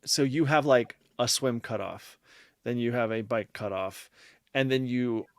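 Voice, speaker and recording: A man's voice: medium pitch, a little slow, no room sound. Guy cohosting a podcast, rambly, reads out listener notes, dead dry close sound. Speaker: podcast co-host. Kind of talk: casual podcast chat.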